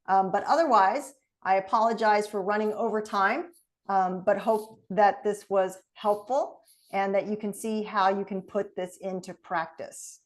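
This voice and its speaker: A woman's voice: mid-range voice, a little slow. Woman coaching on a video call. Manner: lively, conversational, coaching tone. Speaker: trainer. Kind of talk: online training session.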